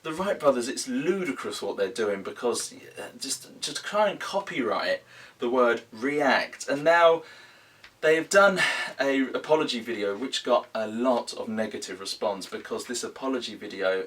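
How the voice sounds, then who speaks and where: Young guy, deadpan spoof news host, mic set back a little. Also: medium pitch, distant mic. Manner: deadpan, mock-serious. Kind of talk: mock news commentary.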